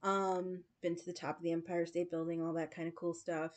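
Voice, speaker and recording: A fairly low-pitched, flat voice delivered fairly quickly belongs to an American woman in her late forties hosting a livestream. She casually swaps stories with viewers, laughing often and using many fillers.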